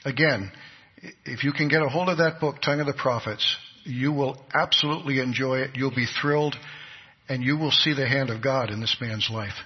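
A man with a medium-pitched, slightly rough voice preaches at normal speed, telling a story earnestly and acting out its characters. The recording is dull, with long hall reverb.

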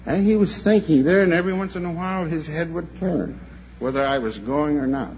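A man's voice: fairly high pitch, brisk, a little mellow. An older man preaching a sermon to a convention. He tells a story earnestly and sometimes repeats himself as he goes. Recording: dull lo-fi recording with faint hum.

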